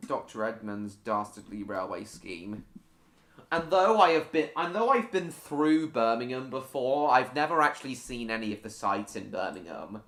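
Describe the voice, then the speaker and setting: A man's voice: medium pitch, expressive, normal speed, few pauses, fairly bright tone. A man hosting a casual gaming live stream, chatting playfully with his viewers. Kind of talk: casual chat while gaming.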